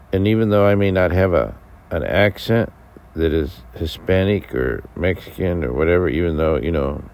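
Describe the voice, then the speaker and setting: A man's voice: sits low, darkish tone. An American man ranting to camera in a rambling, profane way, full of fillers and restarts. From United States. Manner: halting with many fillers and restarts. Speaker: vlogger. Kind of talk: casual rant to camera.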